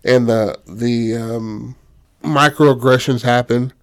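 A man casually pitching a film story, loose and profane, full of fillers, acting out characters in quick bursts. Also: fairly even intonation, clean tone.

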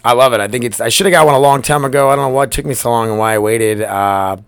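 A man's voice: medium pitch, fast talker, vocal fry, clear, resonant tone, no room sound. Male solo podcast host, loose and profane, upbeat, recorded dry in a work storage room. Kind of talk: casual solo podcast chat. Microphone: laptop microphone.

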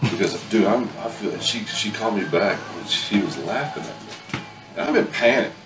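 A man's voice: on the low side, brisk, recorded from a distance. A man hosting a casual chat, telling a rambling, profane story with bursts of laughter. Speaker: podcast host. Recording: echoey room, mic from afar, music behind.

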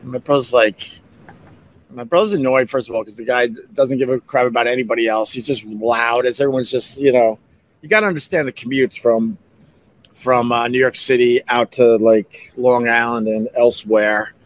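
A man hosting a podcast, telling personal stories in a casual, heated way that jumps up in pitch when he gets riled. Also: normal speed. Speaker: podcast host. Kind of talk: casual storytelling monologue.

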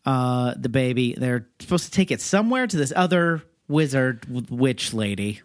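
A man's voice: medium pitch, animated, normal speed, no echo, studio quality. A man co-hosting a podcast, recapping a film in a hesitant, rambling way full of fillers. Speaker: podcast co-host. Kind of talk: casual chat recapping a film.

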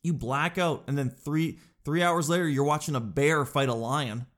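Rambling, animated man in his thirties. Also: on the high side, moderate pace. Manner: rambling, animated storytelling, says "dude". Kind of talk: casual podcast monologue.

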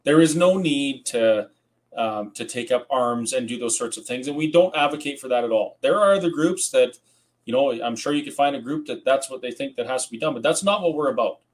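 A man's voice: medium pitch, a little fast. Man, webinar host, earnest, reassuring, video call. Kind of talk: webinar hosting.

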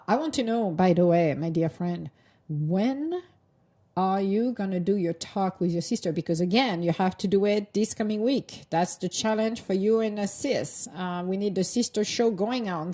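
Chatty woman host, mellow voice. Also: mid-range voice. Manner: rambling, chatty, laughs often, loose grammar. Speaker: host of a live audio talk room. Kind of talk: casual chat.

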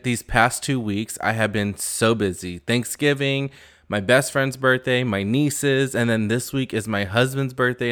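A man's voice: medium pitch, fairly bright tone. A young man hosting a casual pop-culture gossip podcast, chatty, campy and sassy, recorded on a new podcast mic. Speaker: podcast host.

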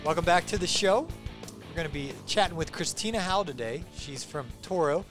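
A man's voice: a little high, a little fast, fairly bright tone, faint music behind. A man hosting a podcast in an upbeat, chatty way, teasing his guest playfully. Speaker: podcast host. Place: Atlanta.

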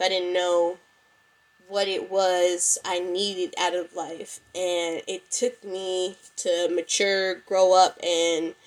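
A young woman with a congested, stuffy-nosed voice, hosting a casual solo podcast and talking to her listeners. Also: on the low side. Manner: chatty, addresses listeners as "y'all". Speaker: podcast host. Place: at home.

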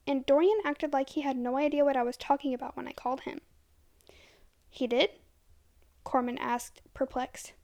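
Female storyteller, high and slightly gravelly voice, soft-spoken horror reading.

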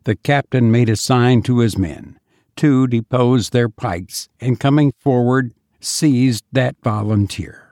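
Slow, gravelly male audiobook narrator. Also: mid-range voice, a little mellow, no room sound, clean studio sound. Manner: measured, dramatic reading. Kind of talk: scripted narration.

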